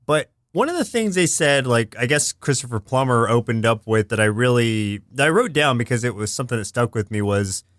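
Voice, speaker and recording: A relaxed man co-hosting a cartoon podcast, with an average-pitched voice. He talks in a loose, drawn-out way, full of fillers. The recording is close and dry. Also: no room sound. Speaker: podcast co-host. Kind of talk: casual chat about cartoons.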